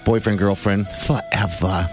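A man's voice: lowish voice, steady tone, measured pace, music in the background. A man hosting a morning radio show, chatting casually and laughing often.

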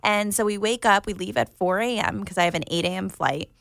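A woman co-hosting a casual chat show, tired and giggly, telling stories in an animated way. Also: medium pitch, fairly quick, creaky, slight background noise. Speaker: podcast co-host.

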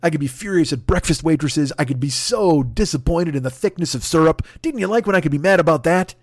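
Speaking fast with animated intonation, this man hosts a podcast and delivers a comedic rant full of swearing and exasperated outbursts. His voice runs on the high side, captured on a podcast mic with clean studio sound and no room echo.

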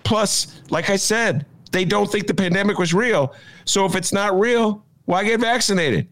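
A man hosting his own podcast from home, delivering sarcastic political commentary in a lively, animated way. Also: sits high, measured pace. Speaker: podcast host. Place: home apartment.

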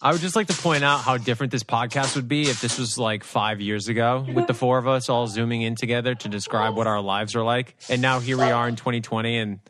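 A man's voice: medium pitch, steady tone, fast talker, few pauses, noisy background. A man co-hosting a podcast over a video call, telling stories with animation and acting out his own lines. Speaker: podcast co-host.

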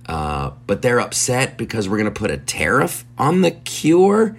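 A man's voice: medium pitch, very animated, measured pace, breathy edge. A man hosting a comedy podcast, ranting in a profane, incredulous way with stumbling restarts. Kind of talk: rambling comedic rant.

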